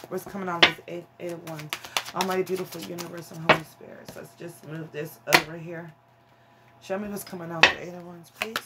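A woman's voice: lowish voice, fairly bright tone, slight background noise. A woman giving a casual tarot reading to her viewers, frank and emphatic, calling them honey and child. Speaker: tarot reader.

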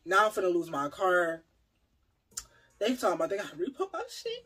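A young adult vlogger telling a personal story in a casual, animated, profane and dramatic way. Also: medium pitch, brisk, long pauses, slightly rough, faint music behind.

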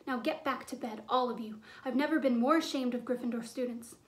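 A woman's voice: fairly high pitch, brisk, close to an everyday voice. A woman voicing a strict older female witch professor who scolds her students. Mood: stern.

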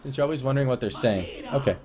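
A man streaming casually, rambling and swearing, swinging from mumbled asides to excited outbursts. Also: medium pitch, very fast, over a noisy crowd. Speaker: livestreamer.

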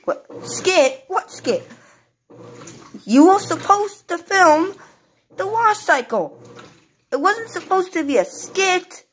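A woman's voice: very high voice, sing-song, takes it slowly, long pauses, fairly bright tone, a little hiss or hum, pitched above the performer's own voice, full character voice. A woman putting on the voice of Teddy, a whiny little boy who gets upset easily, pouting and demanding in a skit.

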